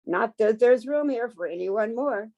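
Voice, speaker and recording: A woman's voice: on the high side, animated, unhurried, darkish tone. A woman voicing a fussy, grumbling male duck in a picture-book reading.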